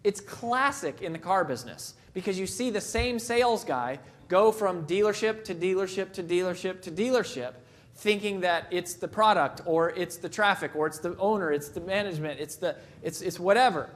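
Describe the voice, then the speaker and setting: A man delivering a motivational keynote in an emphatic, storytelling manner. His voice sits notably high for a man, and he repeats key phrases for weight. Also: normal speed. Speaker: motivational speaker.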